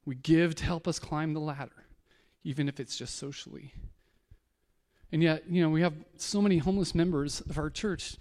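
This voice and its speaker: A man's voice: fairly high pitch, darkish tone, in a large hall. A man preaching a conversational sermon as a pastor, telling stories casually and often restarting words.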